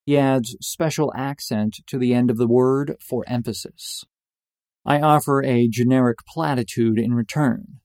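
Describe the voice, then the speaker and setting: Deadpan young male storyteller, mellow voice. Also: mid-range voice, measured pace, no room sound, clean studio sound. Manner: deadpan, mock-epic. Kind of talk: personal story narration.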